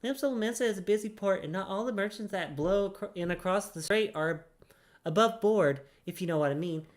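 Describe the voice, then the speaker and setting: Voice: mid-range voice, a little fast, voice pushed up, lightly acted. A gamer voicing a sly, seasoned female adventurer, speaking in a confiding, conspiratorial way.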